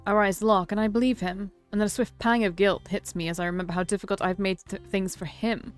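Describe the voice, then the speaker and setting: A woman's voice: mid-range voice, fairly even intonation, fairly quick, few pauses, faint music behind. A woman streamer reading a visual novel aloud, with dry, sarcastic asides.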